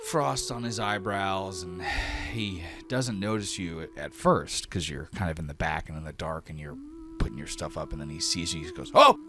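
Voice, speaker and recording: A man narrating a tabletop game as game master in a very deep voice. His delivery is loose and full of fillers, with faint music playing behind him.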